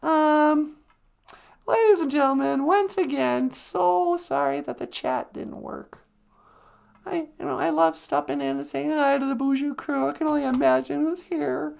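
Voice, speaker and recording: A woman hosting a live stream with a high voice and a slow, unhurried delivery, rambling through jokes in casual chat. Her voice has a gravelly, fry-tinged edge. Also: lively intonation, a little mellow. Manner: rambling, joking, breaks into laughs and sung snippets.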